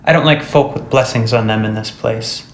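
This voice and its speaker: A man voicing a menacing, suspicious old witch who growls her threats in a low, hushed voice. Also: normal speed, echoey room, a little hiss or hum, natural voice. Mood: scornful.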